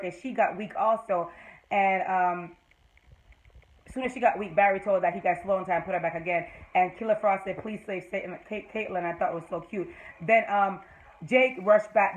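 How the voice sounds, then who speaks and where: A woman with a Jamaican accent giving a rambling, excitable fan recap of a TV episode, full of fillers. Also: mid-range voice, low-quality recording. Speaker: TV episode reviewer.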